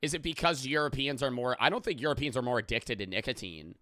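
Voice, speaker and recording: A young man from the United States, a streamer, reacting to videos in casual commentary, excitable and swearing a lot, on a close mic. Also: medium pitch, no room sound. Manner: excitable, heavy swearing, quick restarts.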